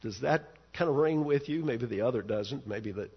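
A man's voice: mid-range voice, normal speed, husky, muffled recording. A male pastor preaching an expository sermon, earnest and emphatic, pushing up on key words to stress them.

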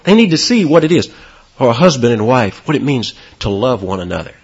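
A man preaching a sermon, with sudden high, loud emphasis on key words and a husky voice. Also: very animated, brisk, highs cut off. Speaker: pastor.

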